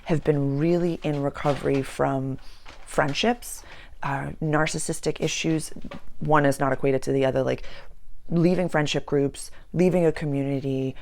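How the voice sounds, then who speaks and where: Woman, astrologer, casual spiritual chat, deep voice, vocal fry, faint hiss. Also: fairly even intonation, darkish tone. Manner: earnest, slows down for emphasis, repeats words. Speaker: astrologer and channeler.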